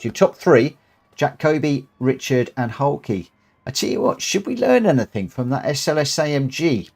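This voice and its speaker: Man chatting on a live racing stream. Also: medium pitch. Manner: relaxed, rambling, repeats phrases, reads results aloud.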